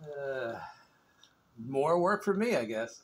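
A man's voice: mid-range voice, lively intonation, takes it slowly, slight background noise. A man vlogging outdoors on his phone while doing yard work, chatting and rambling to his viewers and laughing often. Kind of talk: casual chat to viewers. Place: outdoors in a neighborhood yard, windy. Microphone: phone camera.

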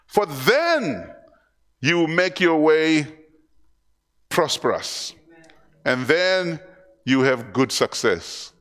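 A man's voice: on the high side, fairly bright tone. A male pastor preaching a sermon in church, repeating phrases and calling out to the congregation. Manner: repetitive, preacherly call-and-response.

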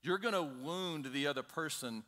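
A man's voice: fairly high pitch, moderate pace, sharp tone. A man preaching a conversational sermon, emphatic and direct, often calling on the congregation to listen. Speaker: pastor.

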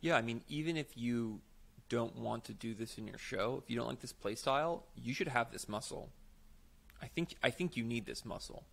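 Give me a man with a creaky voice co-hosting a podcast, explaining things emphatically. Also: medium pitch, normal speed. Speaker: podcast co-host, improv teacher. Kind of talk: casual chat.

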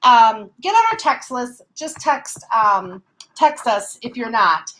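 A woman's voice: fairly high pitch, animated, takes it slowly, a bit bright, a little hiss or hum, poor audio. A woman hosting a casual craft livestream, bubbly and laughing often as she explains each step. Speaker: craft show host.

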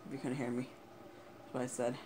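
A man's voice: mid-range voice, monotone, fast, over music. A young man commentating on his gameplay in a casual way, swearing constantly and flaring into angry rants. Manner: swears a lot, angry outbursts. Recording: noisy home recording.

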